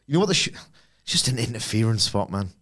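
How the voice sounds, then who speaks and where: A man in casual podcast chat, with a voice that swings high and low. He argues his points with sarcastic asides. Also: fast. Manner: opinionated, animated, sarcastic asides. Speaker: podcast co-host.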